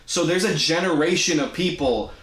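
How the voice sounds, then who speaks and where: Young male co-host, higher voice, chatty, explains things, echoey room. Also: moderate pace, a bit bright. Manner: chatty, explaining anime plots. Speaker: podcast co-host. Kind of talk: casual chat.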